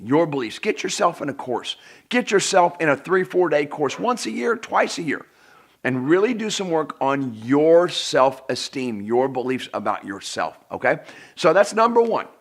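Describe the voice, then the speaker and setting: Emphatic middle-aged man giving self-help advice. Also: on the high side. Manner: emphatic, repeats for emphasis, addresses the viewer directly. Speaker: personal development speaker. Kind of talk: direct-to-camera self-help talk.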